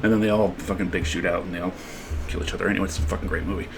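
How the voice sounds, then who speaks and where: A man's voice: low-pitched, steady tone, rapid-fire, creaky, over loud music. A man working out at home, telling a loose, profane story in casual chat. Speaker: fitness vlogger. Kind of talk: casual rambling monologue during workout.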